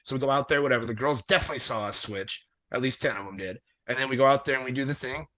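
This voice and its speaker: A man, a wrestler, telling a long story in casual conversation, animated and profane with plenty of fillers. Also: mid-range voice, racing. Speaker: wrestler guest. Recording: dull lo-fi audio.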